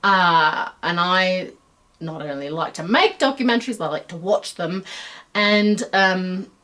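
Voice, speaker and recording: A woman's voice: fairly low pitch, unhurried, bright, forceful tone. A middle-aged American woman hosting her own web series in a put-on Australian accent, rambling chattily through a stream-of-consciousness monologue full of fillers and self-deprecating asides. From United States.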